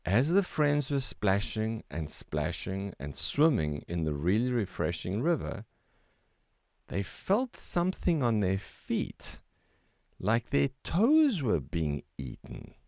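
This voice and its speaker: An older man narrating a children's story in a gentle, expressive read-aloud manner. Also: on the low side, slow pace, vocal fry, no room sound, studio quality.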